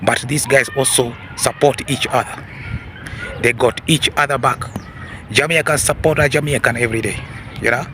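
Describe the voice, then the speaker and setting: A man hosting a casual commentary talk, repeating himself and often calling out "ladies and gentlemen" with questioning hmms and huhs. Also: medium pitch, fairly even intonation, normal speed, noisy background. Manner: repetitive, addresses audience as ladies and gentlemen; peppers talk with hmm and huh. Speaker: commentary channel host.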